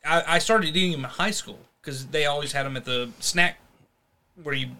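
A man co-hosting a casual podcast chat, rambling and restarting his sentences, with sudden animated bursts. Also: on the high side, moderate pace. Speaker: podcast co-host.

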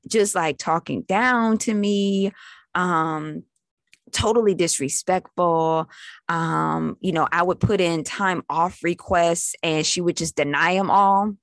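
A woman's voice: fairly low pitch, slow, dry recording. A young adult woman telling a story in a casual, chatty way, full of fillers and acted-out quotes.

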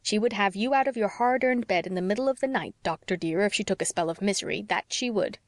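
A woman reading the part of a fussy, devoted older housekeeper, prim and hushed in a lower voice. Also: fast, dry recording, clean studio sound, lightly acted. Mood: fussing. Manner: prim, fussing, low and hushed.

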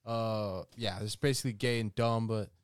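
A man loosely pitching a movie on a podcast, rambling with crude language. His voice sits at a middling pitch, recorded close and dry. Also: steady tone, normal speed, clear, resonant tone, no room sound. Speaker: podcast co-host. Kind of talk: casual chat.

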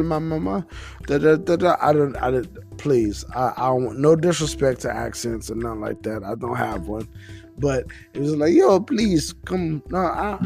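A man's voice: mid-range voice, creaky, darkish tone. A man hosting a casual, rambling monologue, a little intoxicated, talking in a profane, laid-back way. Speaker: podcast host.

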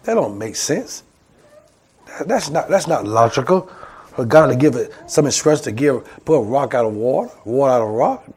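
A man's voice: medium pitch, animated, normal speed, darkish tone. A man preaching a sermon as pastor, calling out to the congregation and acting out voices. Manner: call-and-response preaching, acts out voices. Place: church.

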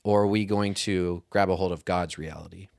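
A man co-hosting a casual faith discussion podcast, speaking in a thoughtful, measured, reflective way. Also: low voice, steady tone, gravelly, darkish tone, clear, resonant tone, no echo, studio quality. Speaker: podcast co-host.

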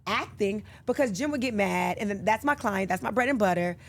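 Animated woman telling stories. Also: mid-range voice, fairly quick. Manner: animated storyteller, acts out quoted lines. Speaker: podcast guest. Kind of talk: casual interview chat.

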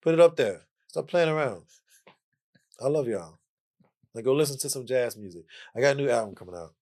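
A man's voice: mid-range voice, lively intonation, fairly quick, darkish tone. A man guest on a casual podcast, playfully lecturing his listeners and repeating phrases for emphasis. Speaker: podcast guest, jazz musician.

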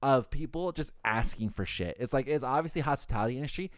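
A man's voice: medium pitch, expressive, fast talker, no echo, clean studio sound. A young man chatting casually, telling a work story and acting out both sides of the phone calls. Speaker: hotel front desk worker.

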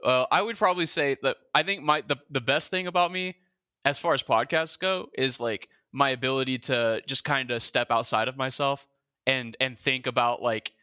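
A man's voice: medium pitch, sharp tone, smooth, dry recording. A young man co-hosting a podcast in casual chat, talkative and swearing freely as he rambles through stories. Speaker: podcast co-host. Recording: dry, slightly dull lo-fi sound.

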